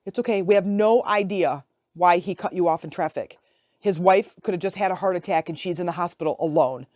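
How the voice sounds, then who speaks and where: A woman in her forties, a podcast host and life coach, delivers a casual, reflective monologue in a chatty, conversational way, often checking in with "right?" Her voice is on the low side, fairly quick, and a little mellow. The recording is clean studio sound with no room sound.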